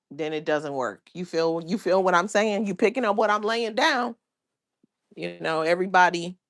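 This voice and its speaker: A woman hosting her own livestream, talking to her viewers in a blunt, profane, rambling way. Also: low-pitched. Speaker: livestream host. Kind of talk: casual livestream chat.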